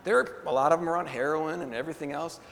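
A man preaching a sermon, telling a story with animated energy, laughing often and calling for responses from the congregation. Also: a little high, fast talker. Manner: laughs often between phrases. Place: church hall. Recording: long hall reverb.

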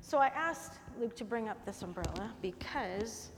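A woman preaching a sermon in a warm, conversational way, often checking in with her listeners. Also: mid-range voice, lively intonation, moderate pace, a little hiss or hum. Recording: long hall reverb.

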